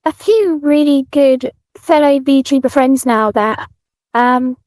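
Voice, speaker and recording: High-voiced British woman, soft and unhurried. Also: dry recording. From United Kingdom. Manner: soft-spoken, many fillers and restarts. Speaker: guest streamer. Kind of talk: casual interview chat.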